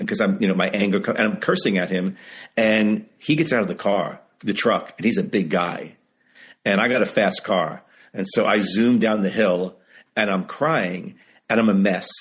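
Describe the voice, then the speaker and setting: A man being interviewed over a video call, telling stories in an animated, emphatic way and repeating phrases for effect. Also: fairly low pitch, normal speed. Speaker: memoir author guest. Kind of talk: casual interview storytelling.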